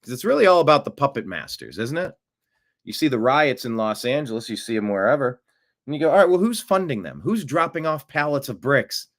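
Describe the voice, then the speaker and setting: A man hosting a solo political commentary show, talking off the cuff in a sarcastic, animated way and jumping his pitch up for mocking asides. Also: fairly quick. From United States.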